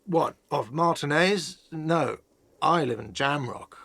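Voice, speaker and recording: Game role: an irritable middle-aged cafeteria manager, touchy and dry-voiced. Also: male voice, fairly high pitch, slow, creaky, a bit bright, dry recording, heavily acted. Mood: grumpy. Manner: defensive, irritable, snippy. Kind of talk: video game voice acting.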